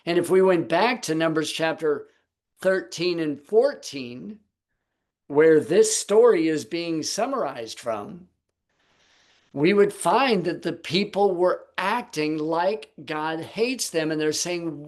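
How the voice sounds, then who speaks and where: A man's voice: a little high, expressive, slow. A man teaching the Bible on a Sabbath video call, posing rhetorical questions to his listeners.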